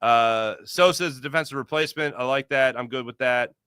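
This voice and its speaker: A man hosting a live postgame sports podcast, reading viewer comments in an energetic, rambling, jokey way. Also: mid-range voice, normal speed, smooth, no echo, studio quality.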